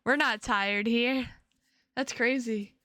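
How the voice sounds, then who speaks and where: A woman's voice: on the high side, fairly even intonation, slow pace, sharp tone, dry recording, clean studio sound. A young adult woman streamer chatting casually with her viewers, rambling and playful, often repeating her words.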